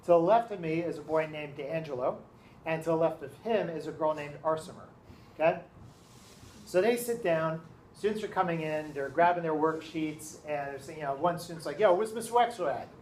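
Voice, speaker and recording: Animated man telling a classroom story. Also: fairly high pitch, moderate pace, a little hiss or hum, rough recording. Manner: animated, keeps checking in with listeners. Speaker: teacher.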